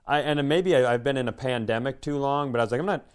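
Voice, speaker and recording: Smooth-voiced man telling a rambling story. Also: mid-range voice, fairly even intonation. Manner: rambling, self-deprecating storyteller; quick, offhand delivery with profanity. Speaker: podcast co-host, comedian. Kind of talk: casual podcast chat, storytelling.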